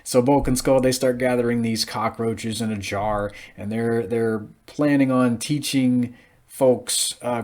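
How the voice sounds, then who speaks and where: A man's voice: mid-range voice, darkish tone. A man in his thirties giving a casual, rambling recap of a TV episode, with frequent fillers. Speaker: TV episode reviewer.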